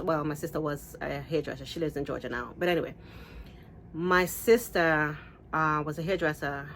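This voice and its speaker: A woman vlogger casually telling a story to camera, rambling with restarts and asides. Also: a little hiss or hum. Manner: lively, acts out quotes with big pitch jumps. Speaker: beauty vlogger.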